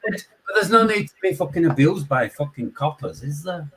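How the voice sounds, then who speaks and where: A man with a Yorkshire accent, calling in and telling a story in casual chat, swearing constantly and animated. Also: a little high, brisk, low-quality recording. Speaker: caller.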